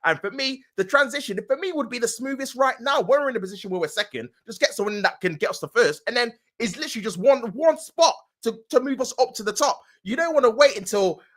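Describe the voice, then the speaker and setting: A man guesting on a live fan chat, ranting in a frustrated, animated way. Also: extremely high pitch, fast talker, few pauses.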